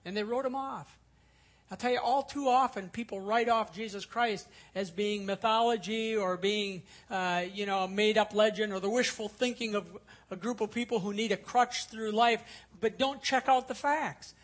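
A man's voice: sits high, fairly even intonation, moderate pace. A male pastor teaching a sermon, explaining scripture earnestly and repeating key points for emphasis. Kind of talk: expository sermon.

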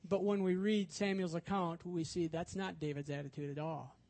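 A man's voice: a little high, steady tone, moderate pace, darkish tone. A man preaching a sermon, telling stories and acting out quoted voices with rising emphasis. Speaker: pastor.

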